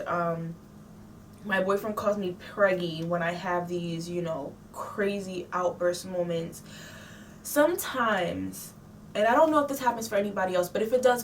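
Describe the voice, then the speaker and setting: Candid woman vlogging, slightly distant. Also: mid-range voice. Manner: confessional, rambling and emotional. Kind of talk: candid personal vlog talk. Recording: slightly distant mic with faint background noise.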